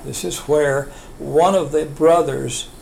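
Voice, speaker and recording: Gravelly older man telling family stories. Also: on the high side, steady tone, takes it slowly, a little mellow, slight background noise, poor audio. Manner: rambling, chuckling storyteller with restarts. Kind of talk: oral history storytelling.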